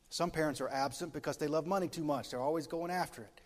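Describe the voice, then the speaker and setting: A male pastor preaching a sermon in a lively way, putting questions to his congregation. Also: fairly high pitch, fairly quick, hardly any pauses. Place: church sanctuary. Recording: long hall reverb from a church.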